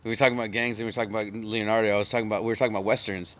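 Fast-talking low-voiced man on a podcast. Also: flat delivery, fairly bright tone. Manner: rambling, jokey, swears freely. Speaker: podcast co-host. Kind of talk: casual podcast chat.

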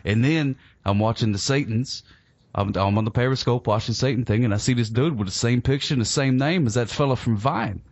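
A man hosting a podcast in a loose, rambling way, with a playful streak and lots of fillers. His voice sits at an ordinary middle pitch. The sound is dull and dry. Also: brisk, dry recording. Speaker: podcast host. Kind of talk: casual podcast chat.

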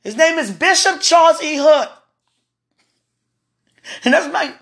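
Her voice is high, gravelly, and fairly bright, delivered in an animated but unhurried way. She's a podcast host telling chatty personal stories, laughing often and speaking about her faith.

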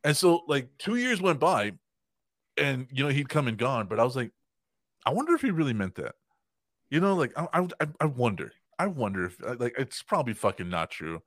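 A man telling a long story in casual podcast chat, his voice mid-pitched and plain. He swears freely, laughs between lines and puts on the voices of the people he quotes. The sound is close and dry. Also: big pitch swings, fairly quick, fairly bright tone, dry recording.

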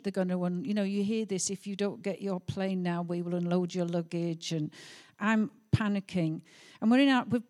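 A woman's voice: mid-range voice, darkish tone. A middle-aged woman telling a heartfelt testimony story during a sermon, with some hesitations. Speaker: pastor's wife.

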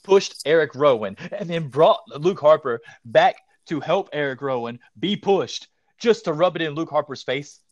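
A man's voice: fairly high pitch, expressive, normal speed, dry recording. Profane, ranting young man. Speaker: podcast co-host. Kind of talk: casual wrestling chat.

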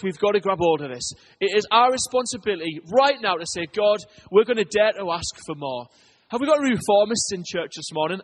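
A pastor preaches to his congregation in a lively storytelling way. His voice sits fairly high for a man and has a husky edge. He pushes some lines loud and urgent and drops others to a near hush. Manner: animated storytelling preacher, swings between loud and hushed. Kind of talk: sermon.

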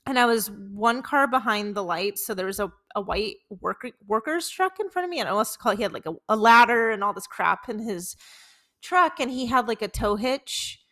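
A woman in her twenties co-hosts a podcast. Her voice sits a bit high, and she tells embarrassing stories in a loose, chatty way, peppered with "like" and laughter. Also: animated, moderate pace, pushed and bright. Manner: chatty, many "like"s, laughing while telling stories. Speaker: podcast co-host. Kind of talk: casual chat, storytelling.

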